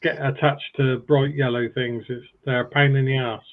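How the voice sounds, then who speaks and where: Male panelist, relaxed rambler, phone-quality line. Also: medium pitch, moderate pace. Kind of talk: casual chat.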